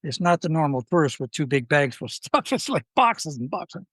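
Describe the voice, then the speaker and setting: A man's voice: a little high, big pitch swings, fairly quick, fairly bright tone, breathy edge, no room sound, exaggerated voice. A man quoting a male customs officer in his own voice while telling a story. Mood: puzzled.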